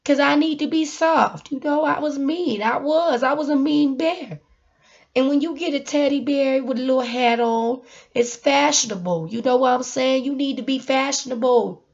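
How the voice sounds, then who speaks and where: Woman, motivational vlog talk, laughing and rambling, loud then hushed, muffled recording. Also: high voice, normal speed, creaky. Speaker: motivational vlogger. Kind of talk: casual motivational monologue.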